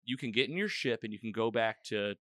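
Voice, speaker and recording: A man hosting a casual chat, retelling an episode in a rambling, animated way with quoted lines. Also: on the low side, brisk, no echo, studio quality. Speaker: podcast host.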